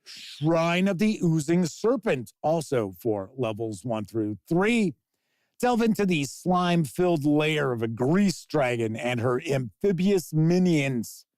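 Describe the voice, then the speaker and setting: A man's voice: on the high side, very animated, slow pace, a little mellow, no echo. A man hosting a live tabletop gaming news stream, reading announcements and riffing on them in a chatty way while answering viewer comments. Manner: chatty, reads news then riffs on it, answers chat comments.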